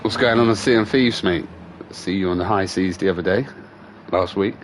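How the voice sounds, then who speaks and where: A man's voice: low voice, normal speed, a little hiss or hum. A young man streaming a racing game, chatting casually and teasing a friend, swearing freely. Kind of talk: casual gaming livestream chat. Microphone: gaming headset.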